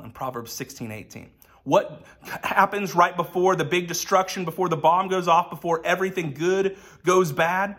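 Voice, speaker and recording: A man's voice: high-pitched, normal speed, fairly bright tone. A man giving a conversational sermon as a pastor, telling personal stories. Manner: casual storytelling with personal anecdotes.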